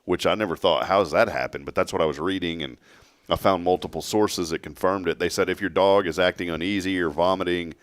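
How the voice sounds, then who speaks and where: A man's voice: deep voice, steady tone, fairly quick, no echo. A man hosting a morning show, telling a rambling story and laughing along. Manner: storytelling, laughs at his own jokes, mimics voices. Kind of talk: casual chat.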